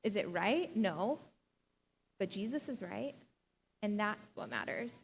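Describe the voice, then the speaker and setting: A woman's voice: mid-range voice, lively intonation, slow pace, creaky, big-room sound, slight background noise. A young adult woman pastor giving a sermon in a casual, chatty way, full of "like" and small laughs. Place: church sanctuary.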